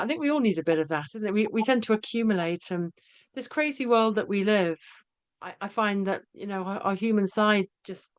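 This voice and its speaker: Halting woman podcast host. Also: medium pitch, clear, resonant tone. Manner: halting, many restarts, tag questions. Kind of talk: casual conversational interview.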